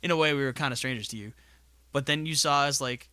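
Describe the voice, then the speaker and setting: A man's voice: medium pitch, fast, sharp tone, clean tone, dry recording. A man in a tabletop gaming group, chatting casually and rambling with lots of fillers. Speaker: player in the gaming troupe.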